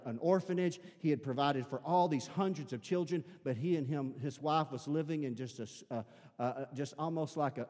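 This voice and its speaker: A man with an Arkansas accent and a squeaky voice, a pastor preaching a sermon in a church, swinging between shouted preaching and quiet, intimate talk. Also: big-room sound. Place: church sanctuary.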